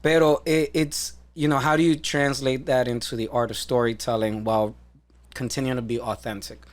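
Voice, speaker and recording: A man's voice: medium pitch, normal speed. Loose, profane male podcast host. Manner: loose, profane, animated storyteller. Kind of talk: casual interview chat.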